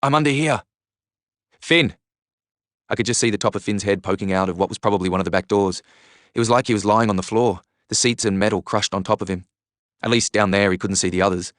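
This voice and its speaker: A man reading a first-person novel aloud in earnest, measured storytelling. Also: fairly low pitch, steady tone, dry recording, studio quality. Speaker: reader. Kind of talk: audiobook narration.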